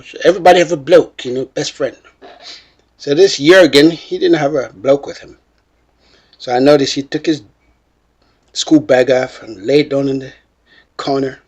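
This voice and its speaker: A man telling an animated personal story, expressive and peppered with "you know" and "bloke". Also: mid-range voice, breathy edge.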